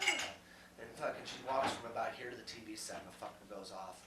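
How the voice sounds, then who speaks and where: A man's voice: on the low side, fairly quick, very noisy. A middle-aged man telling crude stories to old friends, swearing and laughing. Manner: animated, profane, laughing. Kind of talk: casual storytelling among old friends. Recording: echoey, distant, loud music.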